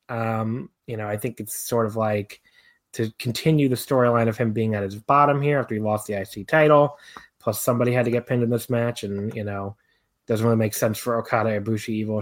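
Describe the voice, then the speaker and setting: A man's voice: fairly low pitch, fairly quick. A young man co-hosting a podcast in casual chat, rambling with many fillers and restarts. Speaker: podcast co-host.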